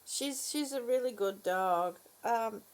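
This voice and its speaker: A woman's voice: a little high, takes it slowly. A woman vlogger in a casual morning chat, affectionately greeting viewers and fussing over her dog.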